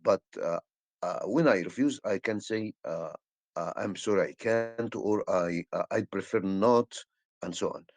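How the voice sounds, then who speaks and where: A male English teacher explaining a lesson slowly, with many hesitations and fillers. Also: low voice, no echo. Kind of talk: classroom lesson.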